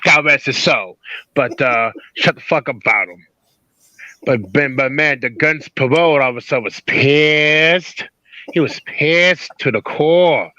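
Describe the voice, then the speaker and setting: A boastful, rambling prank caller, played by a man, stammers through crude claims about himself. His tone is bright and forceful. The call audio is dry and somewhat dull. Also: a little high, measured pace, dry recording.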